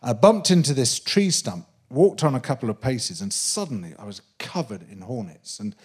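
A man, a guest on a live interview show on a theatre stage, telling an animated anecdote with many restarts and laughs. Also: medium pitch, normal speed, slightly rough. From Britain. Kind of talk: live comedy-podcast interview, storytelling.

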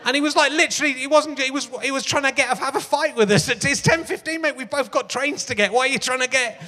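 A man with a high, bright voice hosts a live comedy talk show, rambling and poking fun at himself with frequent fillers and restarts. His voice rings out with a long reverb from a large theatre. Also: fast talker. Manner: rambling, self-mocking, lots of fillers and restarts. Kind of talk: stand-up style chat on stage. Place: large theatre stage before a live audience.

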